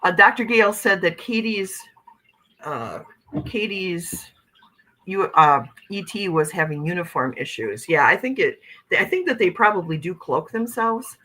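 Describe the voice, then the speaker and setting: A woman's voice: lowish voice, expressive, measured pace, sharp tone, rough recording. A woman hosting a casual livestream, talking in a rambling, conversational way and reading out viewer comments. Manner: rambling and conversational, with frequent "okay" and "you know what I'm saying". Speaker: livestream host.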